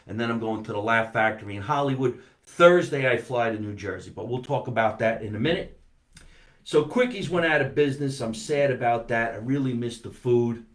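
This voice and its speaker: A male comedian talks casually on a live stream in a mid-pitched voice. His delivery is chatty and animated, and he greets viewers as he reads their comments. The room gives his voice a noticeable echo. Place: home basement.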